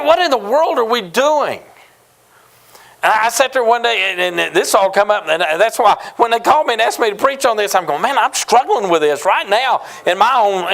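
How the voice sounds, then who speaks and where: A man's voice: high-pitched, fairly bright tone. A man in his fifties from New Mexico, preaching a sermon as a pastor, telling folksy, humorous stories. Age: 50s.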